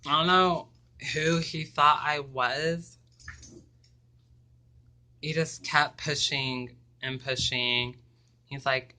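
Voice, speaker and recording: A young man speaks slowly and haltingly, pausing often and filling the gaps with ums as he recounts something personal to camera. His voice is strikingly bright and crisp, sitting at an ordinary middle pitch. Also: fairly even intonation. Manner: halting and hesitant, with many ums. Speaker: vlogger.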